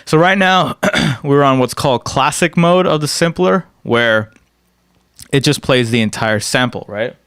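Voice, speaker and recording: Man teaching software with a smooth voice. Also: mid-range voice, unhurried. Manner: explanatory, often asks "right?". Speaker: music production instructor. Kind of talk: screen-recorded software tutorial.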